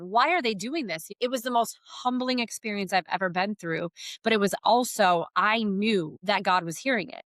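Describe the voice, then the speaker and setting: A woman's voice: mid-range voice, moderate pace, fairly bright tone, dry recording. A middle-aged woman giving a heartfelt faith testimony as a podcast guest, telling her story earnestly.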